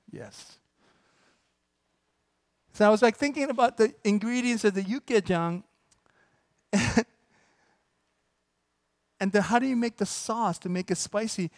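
A man's voice: high-pitched, dry recording, clean studio sound. Joking, emphatic preacher man with a raised voice. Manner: conversational and joking, with sudden emphatic bursts. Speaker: pastor. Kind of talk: sermon.

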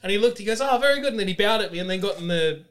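A man telling excited stories in casual chat, swearing freely and using lots of fillers. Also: sits high, racing. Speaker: podcast guest.

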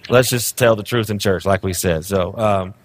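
A man's voice: fairly low pitch, normal speed, slight background noise. A guest pastor in his thirties with a drawl, preaching in a joking, storytelling way. He pokes fun at himself and keeps the congregation laughing as he goes. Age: 30s. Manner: joking, storytelling, self-deprecating. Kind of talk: humorous sermon.

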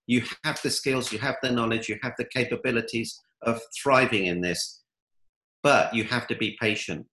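A man's voice: mid-range voice, fairly even intonation, moderate pace, sharp tone, roomy sound, slight background noise, poor audio. A man giving upbeat motivational answers in an interview, telling stories. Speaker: guest, coach.

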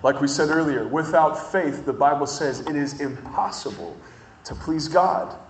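A man preaching a sermon, telling stories in an animated way and drawing out words for emphasis. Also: fairly high pitch, reverberant, slight background noise, rough recording. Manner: animated storytelling with drawn-out emphasis.

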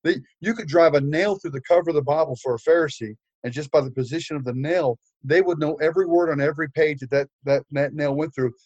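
A man's voice: fairly high pitch, fast, hardly any pauses, a little mellow, husky, no room sound, highs cut off. An older man preaching, telling a story with humor, with frequent fillers and restarts. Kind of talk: storytelling sermon.

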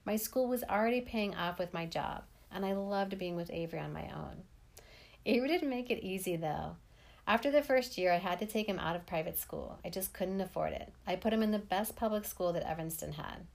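A woman's voice: medium pitch, a little fast, creaky. A woman in her thirties narrating her own memoir in a plain, wry manner. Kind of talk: first-person memoir storytelling.

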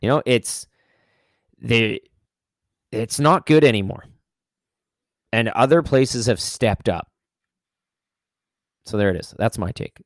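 A man's voice: medium pitch, animated, slow pace, long pauses, dry recording, clean studio sound. A man co-hosting a casual podcast, rambling through restarts and teasing his co-host. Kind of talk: casual chat.

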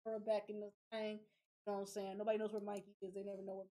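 A young adult woman hosting a podcast in casual chat, animated and profane, laughing often. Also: medium pitch, fast. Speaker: podcast host.

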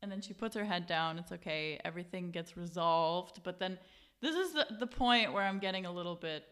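Young woman, casual storyteller, animated with voices, swears freely. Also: fairly low pitch, fairly quick, smooth. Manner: animated, acts out quotes, swears, laughs often. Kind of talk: casual chat.

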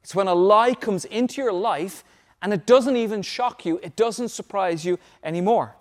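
A pastor with a high-pitched male voice delivers an emphatic sermon. He presses his points and repeats key phrases so the congregation can write them down. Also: normal speed.

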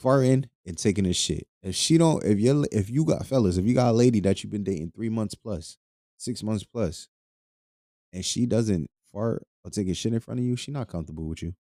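A man with a low, mellow voice hosts a podcast in a loose, crude, joking rant. He rambles, repeats himself and laughs often. The sound is dry and close. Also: brisk, no echo. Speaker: podcast host.

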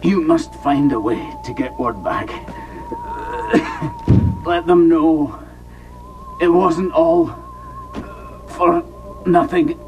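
Gasping, dying Scottish astronaut, slow, music bed under. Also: male voice, sits high, wildly swooping pitch, full character voice, rough recording. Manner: gasping, coughing between words. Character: dying male astronaut, pleading. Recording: film clip under music.

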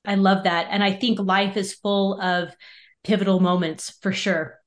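Host: woman, mid-pitched, encouraging and curious. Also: little pitch movement, a little slow. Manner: encouraging, inquisitive. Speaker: interview host. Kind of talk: podcast interview.

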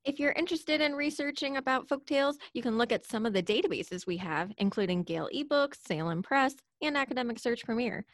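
A woman's voice: fairly high pitch, lively intonation, a little fast, hardly any pauses, no echo, studio quality. A woman presenting for a library, reading a scripted discussion.

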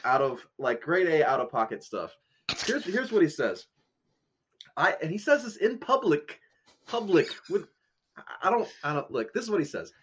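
A man co-hosting a casual podcast, telling a story with lots of laughter and animated asides. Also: on the high side, normal speed, long pauses, a little hiss or hum. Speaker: podcast co-host.

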